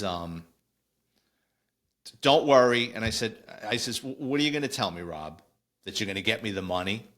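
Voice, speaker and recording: A man in his fifties, a retired police detective, telling rambling stories on a podcast and acting out quoted dialogue. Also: bright, forceful tone. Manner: rambling anecdotal storytelling, acts out quoted dialogue with pitch jumps. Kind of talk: casual storytelling.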